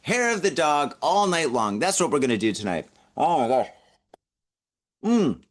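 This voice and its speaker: A man's voice: a little high, big pitch swings, moderate pace. A man in his forties hosting a podcast, chatting casually through the news with jokey laughing asides while hungover. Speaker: podcast host.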